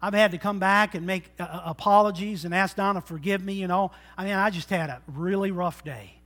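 A middle-aged male pastor preaching a sermon in a church, joking and swinging between loud bursts and quiet asides. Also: high-pitched, brisk. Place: church sanctuary.

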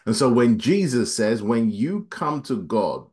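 A man preaching a sermon, his voice climbing for emphasis and then dropping low and quiet, reading scripture at a quick clip. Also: very animated. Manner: dynamic preaching, voice rising high then dropping low and soft.

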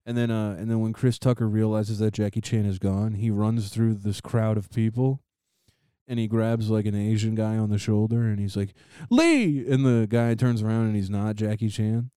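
A man's voice: on the low side, little pitch movement, moderate pace, dark tone, clean tone, no room sound, studio quality. A young man telling rambling stories in a casual chat with friends, laughing often.

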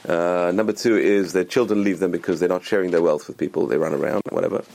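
A man's voice: low voice, steady tone, quick pace, creaky, a little mellow. A man giving a motivational religious talk, speaking emphatically, repeating phrases and restarting his sentences.

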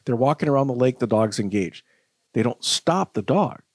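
A man's voice: medium pitch, lively intonation, moderate pace, no room sound. A man with a mid-range voice talks through dog behavior as a podcast guest, laying out his points patiently with plain everyday examples. The sound is dry and close. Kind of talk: podcast interview.

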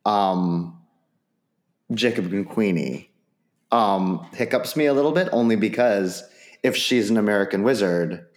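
A man on a podcast panel in casual chat, thinking aloud in a halting way. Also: fairly low pitch. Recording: roomy echo.

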